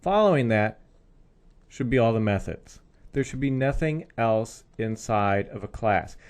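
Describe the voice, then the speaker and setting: A man's voice: medium pitch, expressive, measured pace. A male programming instructor explaining code step by step in a recorded screencast lesson.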